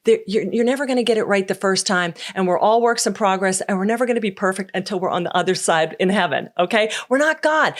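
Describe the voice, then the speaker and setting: A middle-aged woman hosting a motivational podcast, talking in punchy, folksy, emphatic phrases and acting out voices in her stories. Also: mid-range voice. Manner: acts out quoted voices in her story. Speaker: podcast host. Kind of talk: motivational solo podcast talk.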